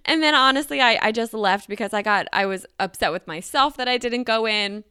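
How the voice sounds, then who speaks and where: A young woman casually telling a personal story, chatty and animated, with lots of "like" fillers. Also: fairly high pitch, fairly quick, clear, resonant tone, dry recording, studio quality.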